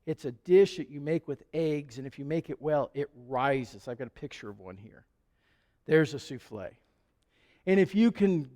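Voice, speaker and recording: A male pastor tells stories from the pulpit in a high, easygoing voice. His relaxed sermon rings out through a church with a long reverb. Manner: conversational storytelling with chuckles. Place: church sanctuary.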